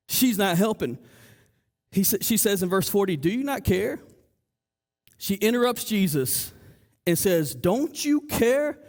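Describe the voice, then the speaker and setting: In a church sanctuary, a high-voiced male pastor delivers a lively, animated sermon, acting out the voices of the people in his story. He stammers and restarts often.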